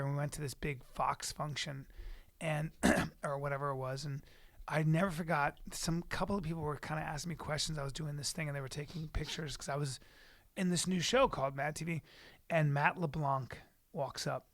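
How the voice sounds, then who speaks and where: A man in his forties, co-hosting a podcast in casual chat, animated and shouting out quoted lines. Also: a little high, moderate pace. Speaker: podcast co-host.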